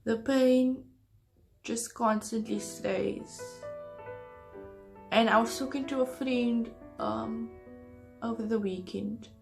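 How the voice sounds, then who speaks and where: A woman's voice: a little high, fairly even intonation, slow, gravelly, pauses often, faint music behind. A young woman talking to camera in a personal storytime vlog, hesitant and earnest. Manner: hesitant, earnest confessional talk. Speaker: vlogger.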